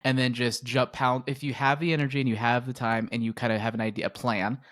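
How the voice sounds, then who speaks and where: Man, quick talker, teasing host, dry close mic, casual podcast chat. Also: mid-range voice, flat delivery, a bit bright, dry recording.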